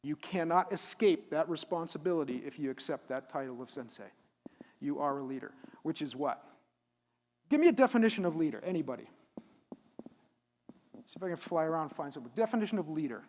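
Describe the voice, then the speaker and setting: A middle-aged man giving a live motivational keynote at a conference, animated and asking the audience questions. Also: a little high, a little fast, long pauses. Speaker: keynote speaker. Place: conference hall. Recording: reverberant hall.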